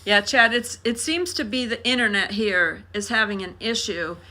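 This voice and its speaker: A woman's voice: medium pitch, normal speed, bright, forceful tone. A woman co-hosting a casual live chat, patiently explaining and reading out the chat, on a handheld phone. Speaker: live stream co-host.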